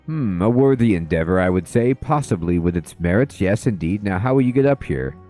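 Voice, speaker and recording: A man voicing a fussy, posh bearded dwarf gentleman who talks in plummy upper-class slang, in a video game. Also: low-pitched, animated, brisk, soft background music. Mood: pompous.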